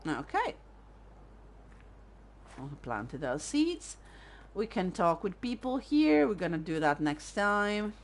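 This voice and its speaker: A woman's voice: medium pitch, sing-song, slow pace, pauses often, a little hiss or hum. A woman streaming a video game, chatting casually and thinking aloud as she plays. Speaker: let's-play streamer. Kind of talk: casual gameplay commentary.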